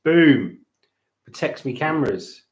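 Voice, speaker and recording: A man's voice: mid-range voice, animated, slow pace, reverberant. Cheeky guy streaming from home. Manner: cheeky, banter-filled, reads out chat messages. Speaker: livestream host. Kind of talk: casual livestream chat.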